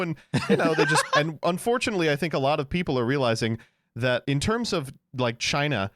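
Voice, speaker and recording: A man's voice: on the high side, big pitch swings, quick pace, a bit bright. Sardonic man in casual podcast chat. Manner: sardonic, swears freely. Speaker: podcast co-host.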